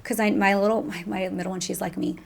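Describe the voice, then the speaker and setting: Woman, young adult, interview guest, soft-spoken, reflective, creaky. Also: mid-range voice, steady tone, fast talker. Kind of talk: emotional interview conversation.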